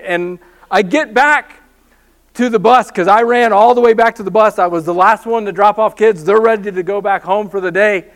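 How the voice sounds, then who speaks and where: A man preaching a sermon as pastor, telling a personal story with animated, self-mocking humor. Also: high-pitched, normal speed.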